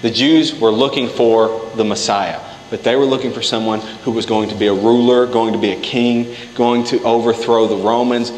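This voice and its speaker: A man's voice: fairly low pitch, a little hiss or hum. A man preaching a sermon in a church hall. He talks casually and acts out the scripture quotes himself. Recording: echoey hall, faint ambience.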